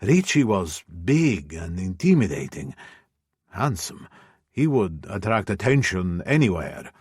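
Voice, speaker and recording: A man reading a first-person audiobook in a measured, brooding way. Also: deep voice, big pitch swings, husky, no room sound, clean studio sound. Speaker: audiobook narrator.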